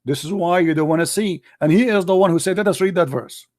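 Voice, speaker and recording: Brief: male debate host, high voice, hoarse, aggressive and interrupting. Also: fast, darkish tone, dry recording, clean studio sound. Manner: combative, interrupting, insulting caller. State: voice getting hoarse. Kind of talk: heated live call-in debate.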